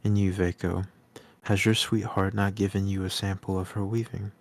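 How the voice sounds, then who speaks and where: A man voicing a gentle, hearty old farmer father while reading a storybook aloud. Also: low-pitched, level tone, moderate pace, creaky, no echo.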